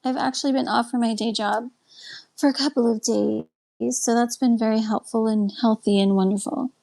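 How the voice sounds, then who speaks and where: A woman with a Texan accent and a fairly high voice hosts a relaxed live stream. She chats along easily, welcoming each viewer by name and answering their comments. She speaks into a webcam and sounds a little tired, like she is winding down for the night. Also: normal speed, creaky. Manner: chatty, greets viewers and answers comments aloud. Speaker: live stream host and life coach. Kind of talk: casual live stream chat.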